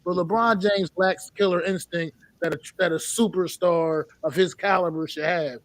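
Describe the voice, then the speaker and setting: A young man with a high voice makes his case in a casual sports chat. He stumbles and repeats words, then speeds up when his point lands. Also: normal speed, no echo. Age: young adult. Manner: stammering, animated when making a point. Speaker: podcast co-host.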